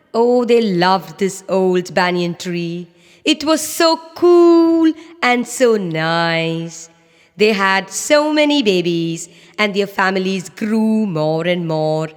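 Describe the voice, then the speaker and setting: A woman narrating children's animal stories in a slow, very expressive, sing-song way. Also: medium pitch. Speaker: storyteller. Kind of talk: scripted children's story narration. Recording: echoey reverb.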